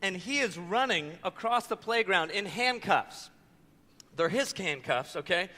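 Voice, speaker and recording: A man in his thirties preaches with a high, bright, ringing voice and tells lively stories. The sound carries a long echo from a church hall. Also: normal speed. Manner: animated storytelling with voiced quotes. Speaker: pastor. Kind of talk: sermon.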